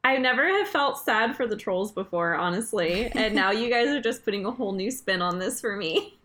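A young woman chatting casually about a book, sounding sympathetic and unhurried. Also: mid-range voice, lively intonation, a bit bright. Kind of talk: casual book-club chat.

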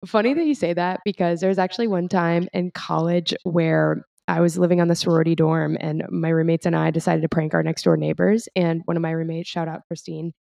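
A young woman co-hosts a podcast in a casual, upbeat chat that rambles and laughs along. Her voice sits slightly low with a gravelly fry. The recording is close and dry. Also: steady tone, a little fast, hardly any pauses, a little mellow, no room sound. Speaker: podcast co-host.

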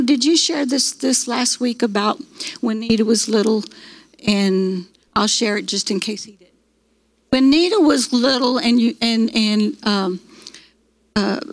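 A woman's voice: on the high side, no room sound, low-quality recording. A middle-aged woman, teaching a church prayer class in a folksy storytelling way, full of fillers and restarts.

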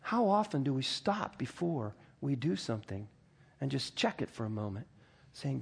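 A man's voice: mid-range voice, sing-song, normal speed, vocal fry, husky. A middle-aged man preaching a sermon as pastor, earnest and emphatic, often restarting and stumbling over words.

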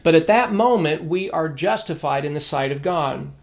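A man with a notably high voice delivers a theology lesson. He speaks emphatically, repeating his main points and citing scripture references. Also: lively intonation, normal speed, creaky. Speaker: Bible teacher. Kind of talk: theology lecture.

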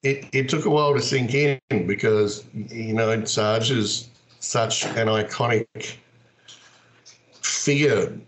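A middle-aged Australian man, a wrestler and actor, telling stories in a casual, animated way. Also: mid-range voice, slow, slight background noise. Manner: animated, acts out quoted voices. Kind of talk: casual storytelling.

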